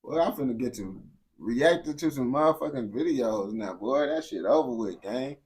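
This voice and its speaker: A man's voice: medium pitch, lively intonation, normal speed, darkish tone. A man giving casual reaction commentary, blunt and profane, full of slang and repeated phrases. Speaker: reaction streamer.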